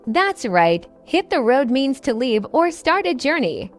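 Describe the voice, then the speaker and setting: High, lively woman teaching English. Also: unhurried, faint music behind. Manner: upbeat, explains phrases with examples. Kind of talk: scripted podcast lesson.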